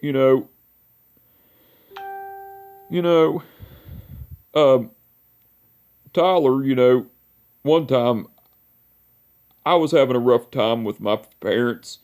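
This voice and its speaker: A man's voice: medium pitch, slow, long pauses, a little mellow. A young man in his twenties telling a heartfelt, rambling story in a personal memorial vlog, repeating "I said" and "you know" often. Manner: emotional, heartfelt.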